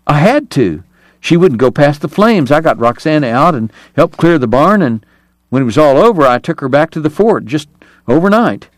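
A man's voice: very animated, normal speed, no room sound, studio quality. A man voicing a frightened male horse trader who stammers and pleads his innocence. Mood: pleading. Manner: pleading, stammering, rising pitch.

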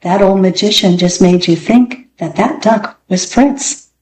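A woman's voice: medium pitch, unhurried, darkish tone, a little hiss or hum, close to an everyday voice. Woman as a kindly amused older lady. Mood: reassuring. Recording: echoey room, faint ambience.

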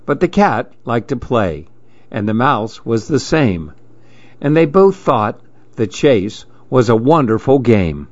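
Expressive man reading a rhyming story. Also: mid-range voice, slow, dry recording, lo-fi sound. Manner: expressive, rhythmic. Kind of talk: rhyming storybook read-aloud.

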